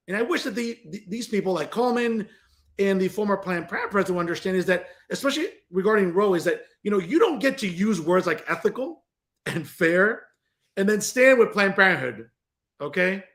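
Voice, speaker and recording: A male political commentator who hosts his own show and delivers a combative, sarcastic rant straight at his targets. His voice sits fairly high for a man, and he keeps turning to the audience with "folks.". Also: fairly bright tone. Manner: repeatedly addresses listeners as folks. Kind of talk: opinionated political commentary monologue.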